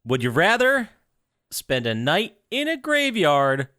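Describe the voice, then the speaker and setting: A man's voice: fairly high pitch, wildly swooping pitch, takes it slowly, bright, forceful tone, smooth, no room sound, clean studio sound. A man co-hosting a casual podcast, playfully quizzing his friends with would-you-rather questions. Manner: playful, quizmaster-like.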